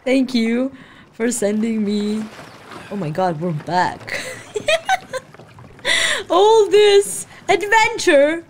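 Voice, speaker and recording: A woman's voice: high voice, big pitch swings, extremely slow, pauses often, noisy background. A woman hosting a casual let's-play, reacting to the game in a gushing, emotional way, talking into a desk microphone. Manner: gushing, emotional, easily delighted. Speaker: gaming channel host.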